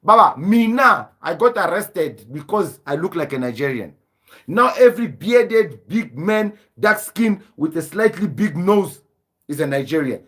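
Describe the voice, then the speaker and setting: A man's voice: sits high, expressive, unhurried, a bit bright, husky. A man hosting a live stream, lecturing in a combative, repetitive rant. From southern Africa. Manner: combative, lecturing, repeats himself for emphasis.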